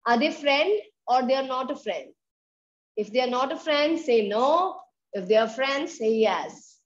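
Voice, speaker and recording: A woman with an Indian English accent leading a children's yoga class, giving encouraging instructions and counting breaths aloud. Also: high voice. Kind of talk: guided fitness class for kids. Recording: dull, roomy sound with faint background noise.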